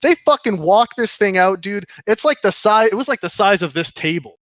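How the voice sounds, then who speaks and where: A man telling stories on a podcast in a casual, animated, profane way, often restarting his sentences. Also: high-pitched, moderate pace, no echo, highs cut off. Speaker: podcast co-host. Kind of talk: casual storytelling chat.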